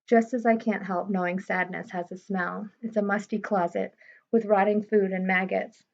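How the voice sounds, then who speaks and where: A woman reading a first-person novel aloud in a steady, understated way. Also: mid-range voice, moderate pace, vocal fry. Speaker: audiobook reader. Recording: slightly muffled recording.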